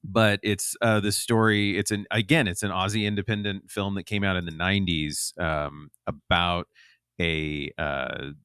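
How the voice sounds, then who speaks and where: A man's voice: sits low, fairly even intonation, unhurried, fairly bright tone, clean tone, no echo, clean studio sound. A man chatting as a podcast guest, rambling with lots of ums and restarts. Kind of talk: casual chat.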